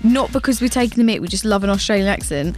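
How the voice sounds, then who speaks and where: A woman's voice: mid-range voice, expressive, fast talker, a little mellow, faint music behind. A young woman guest on a radio show, talking earnestly and eagerly. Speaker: pop singer guest. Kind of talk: casual radio chat.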